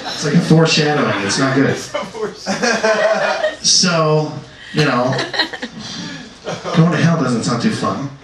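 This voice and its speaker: A young man doing a crude stand-up comedy set in a comedy club, often jumping into shouted voices. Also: on the high side, slow pace, pauses often. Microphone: handheld stage mic. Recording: echoey club from far off, crowd.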